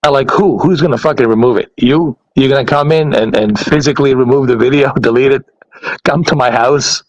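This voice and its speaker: A man's voice: mid-range voice, fairly quick, no echo, lo-fi sound. Blunt, profane man ranting on a podcast. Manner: heavy swearing, blunt and exasperated, laughs often. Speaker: podcast host. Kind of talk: casual podcast rant.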